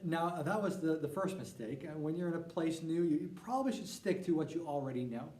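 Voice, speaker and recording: A young man teaching a church course by video, relaxed and with frequent fillers as he tells a personal story. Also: on the high side, brisk. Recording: roomy sound from a distant mic.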